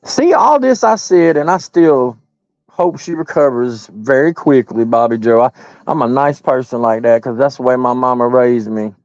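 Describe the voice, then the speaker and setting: A man's voice: medium pitch, moderate pace, darkish tone, no echo. A man ranting in a heated way, swearing constantly and rambling as he talks straight to his viewers. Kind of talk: heated profane rant. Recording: dull lo-fi audio.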